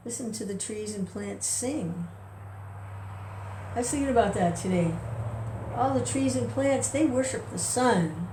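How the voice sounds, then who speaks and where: A woman who rambles and chuckles through a casual spoken reflection, chanting softly between her thoughts. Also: mid-range voice, lively intonation, normal speed. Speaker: devotee sharing reflections. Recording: roomy distant recording.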